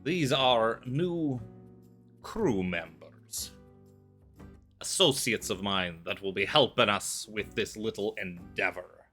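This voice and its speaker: A man voicing a gruff pirate captain and a squinting tavern goblin in a tabletop game. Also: lowish voice, measured pace, pauses often, sharp tone, faint music behind, heavily acted. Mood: formal.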